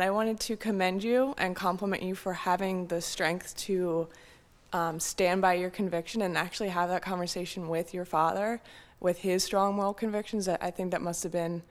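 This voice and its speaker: Low-voiced woman offering sincere praise. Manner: admiring, sincere. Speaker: audience member. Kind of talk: comment at a Q&A.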